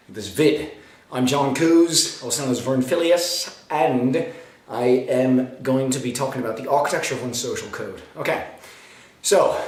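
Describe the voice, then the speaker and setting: A man giving a rambling, energetic self-help talk to camera as a vlogger, slightly out of breath. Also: mid-range voice, a little hiss or hum. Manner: energetic, talkative, self-motivating. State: slightly out of breath after a bike ride. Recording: echoey roomy recording.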